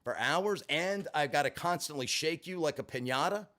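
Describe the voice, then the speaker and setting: A man's voice: on the high side, moderate pace. A man telling a personal story in a vlog, swearing freely and adding sarcastic asides. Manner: expressive, profane, sarcastic asides. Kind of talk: animated storytelling monologue.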